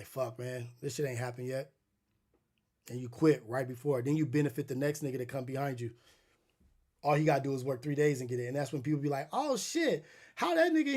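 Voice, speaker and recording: A man's voice: a little high, a little mellow. A middle-aged man hosting a podcast, telling stories in a loose, profane, rambling way with many restarts. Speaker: podcast host. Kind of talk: casual storytelling monologue.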